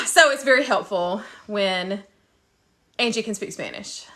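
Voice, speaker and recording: A woman, a nurse chatting casually on a livestream, animated and quick to laugh. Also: mid-range voice. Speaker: ICU nurse and show host.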